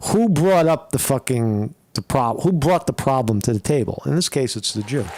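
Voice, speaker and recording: A man's voice: mid-range voice, expressive, normal speed, darkish tone, dry recording. A man casually commenting on a video he plays, rambling and profane, with many fillers and restarts.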